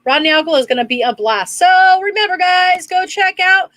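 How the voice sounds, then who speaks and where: A woman co-hosting a casual live-streamed podcast, briskly giving schedules and plugs. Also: very high-pitched, expressive, pushed and bright, dry recording, poor audio. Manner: brisk, gives announcements and plugs. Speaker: podcast co-host.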